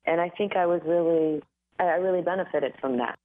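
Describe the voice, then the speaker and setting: A woman's voice: on the low side, fairly quick, a little hiss or hum. A woman singer chatting as an interview guest, her voice a little groggy and dry from an overnight flight, chatty with frequent laughs. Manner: chatty, laughs often, many fillers. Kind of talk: casual interview chat. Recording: tinny phone-line audio.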